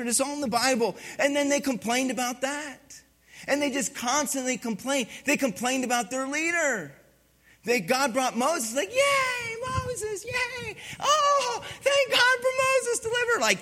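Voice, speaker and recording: A pastor preaching a sermon, animated and humorous, swinging from hushed to loud. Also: male voice, very high voice.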